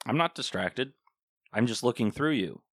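A woman's voice: very deep voice, animated, normal speed, dry recording, clean studio sound. A woman from Indiana co-hosting a podcast in casual, teasing chat. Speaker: podcast co-host.

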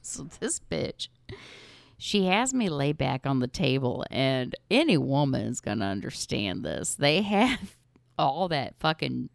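A woman's voice: extremely low pitch, sing-song, takes it slowly, creaky, no echo, studio quality. A woman in her forties hosting a podcast, telling crude comic stories and laughing often. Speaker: podcast host. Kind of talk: casual comedic storytelling.

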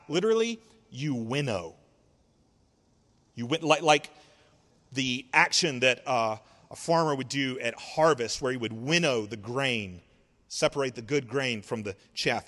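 A man preaching a sermon in an expressive, conversational way, asking rhetorical questions and drawing out words. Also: mid-range voice, moderate pace, big-room sound. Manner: conversational, sarcastic asides. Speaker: pastor.

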